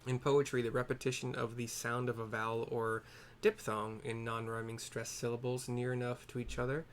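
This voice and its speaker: A man's voice: mid-range voice, level tone, moderate pace, a little hiss or hum. A man narrating a video game casually, chatting and correcting himself as he goes. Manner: chatty, self-correcting asides.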